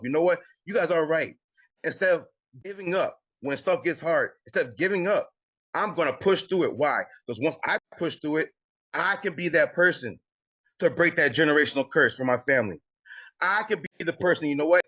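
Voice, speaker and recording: This credit coaching host, an adult with kids, motivates a live video-call group, hammering points again and again and throwing in "y'all." His voice is a little high, expressive, brisk and a bit bright, with the highs cut off in the recording.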